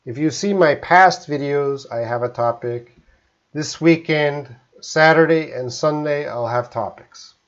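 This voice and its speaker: Live-streaming from his home in Korea, a Canadian English teacher answers viewer questions during a lesson. He speaks slowly, picking his words with care, in a fairly high voice, and the audio has its highs cut off.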